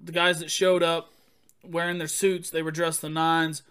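A man co-hosting a podcast, chatting casually and telling playful stories with quick jokes. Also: a little high, flat delivery, fairly bright tone, smooth. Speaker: podcast co-host. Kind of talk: casual chat.

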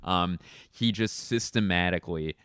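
A man's voice: sits low, unhurried, fairly bright tone, clear, resonant tone, no echo, studio quality. A man in his thirties, a stand-up comedian, telling rambling, profane stories with lots of fillers. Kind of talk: casual storytelling chat.

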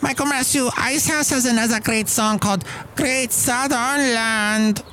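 A man voicing a squeaky, high-pitched male caller who croons old pop lyrics in a slow, drawn-out way. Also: sharp tone, slight background noise, full character voice. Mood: chirpy. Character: squeaky nasal adult man caller, music-obsessed.

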